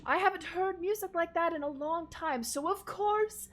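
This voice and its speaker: A woman voicing a suave, effusive nobleman who flatters his guests in a high, theatrical voice, during a tabletop game. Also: moderate pace. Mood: gushing.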